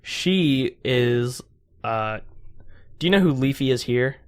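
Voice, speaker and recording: A young man co-hosting a casual podcast chat, talking haltingly with many restarts and fillers. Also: mid-range voice, expressive, clean tone. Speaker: podcast co-host.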